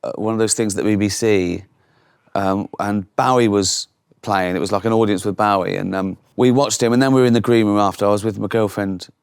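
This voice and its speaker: A man's voice: lowish voice, steady tone, brisk, vocal fry, clean tone, dry recording, studio quality. A man, telling anecdotes in a casual chat and acting out other people's voices. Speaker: guest comedian.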